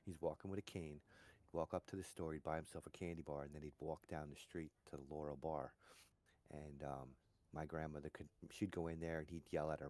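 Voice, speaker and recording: A man's voice: extremely low pitch, fairly even intonation, a little fast, a little mellow. A middle-aged man chatting casually while gaming, telling rambling stories full of "you know". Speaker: gamer chatting on a stream. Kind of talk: casual chat.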